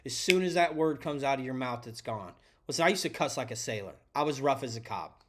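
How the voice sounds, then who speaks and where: A man's voice: medium pitch, expressive, a little fast. A man hosting a podcast, giving earnest, preachy advice to tradespeople and calling the listener his friend. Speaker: podcast host and electrician coach. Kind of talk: motivational talk to tradespeople.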